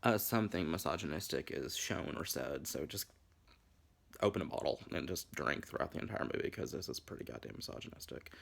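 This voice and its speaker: A young man in his twenties talks through a casual, rambling commentary. His voice sits low and carries a gravelly fry, and he keeps dropping crude, campy, profane asides. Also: lively intonation, fairly quick, a bit bright. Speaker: vlogger.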